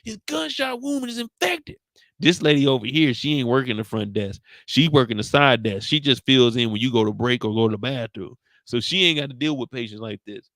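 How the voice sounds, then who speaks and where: A man's voice: medium pitch, brisk, hardly any pauses, fairly bright tone, no echo. A man hosting a casual, profane recap and reaction to a TV episode, telling it as a comic story. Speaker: host.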